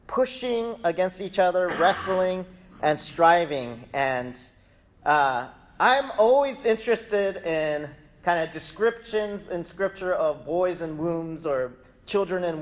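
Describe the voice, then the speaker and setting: A man giving a relaxed, conversational Bible teaching, thinking aloud with rhetorical questions and laughing at his own asides. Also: a little high. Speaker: preacher.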